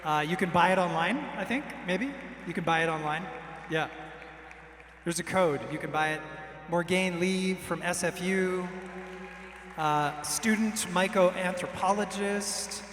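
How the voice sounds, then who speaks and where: A man's voice: high voice, unhurried, a bit bright, a little hiss or hum. A man hosting an event, introducing guests in a loose, friendly way with many fillers. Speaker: event host. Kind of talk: event emcee remarks. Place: large hall, a former church. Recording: roomy hall with long reverb and faint ambience.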